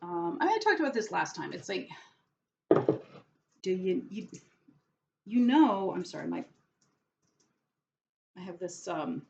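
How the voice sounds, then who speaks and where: A woman muses slowly and hesitantly, trailing off into fillers and restarting her thoughts. Her wit is dry and self-mocking. The audio is dull and lo-fi, with a faint hiss of background noise underneath. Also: medium pitch, sing-song, vocal fry. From New York. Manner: wry, self-deprecating sarcasm. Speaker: vlogger. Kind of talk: casual rambling monologue.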